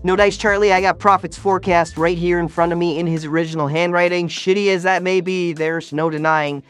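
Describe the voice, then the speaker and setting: A woman's voice: lowish voice, fairly even intonation, fairly quick, smooth, voice pushed down, close to an everyday voice. A woman voicing a dry, matter-of-fact male dispatcher, with faint music behind.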